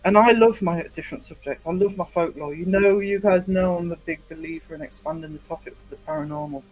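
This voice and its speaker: A man's voice: a little high, quick pace, a little mellow, low-quality recording. A man hosting a livestream, chatting casually with viewers and rambling with many fillers and restarts. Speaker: livestream host. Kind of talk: casual live chat with viewers.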